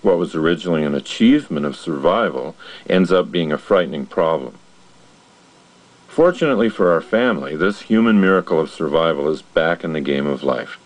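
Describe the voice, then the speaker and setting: A man giving an earnest, measured motivational narration about personality and change. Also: extremely low pitch, lively intonation, rough recording.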